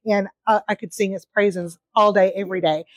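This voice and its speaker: A woman's voice: medium pitch, steady tone, brisk, no echo. A woman from North Carolina, hosting a podcast in chatty, enthusiastic casual conversation. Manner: chatty, enthusiastic, frequent "like" and "you know". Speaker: podcast host. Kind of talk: casual interview chat.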